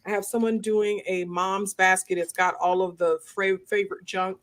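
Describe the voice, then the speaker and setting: Woman host, casual live-stream chat, animated, jumps up in pitch for jokes. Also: moderate pace. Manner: animated, laughing, rising to high pitch when joking.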